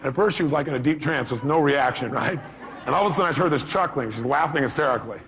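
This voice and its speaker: A man's voice: mid-range voice, fast, crowd noise, noisy background. A man giving a motivational seminar talk, emphatic and full of rhetorical questions, acting out little dialogues. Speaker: motivational speaker.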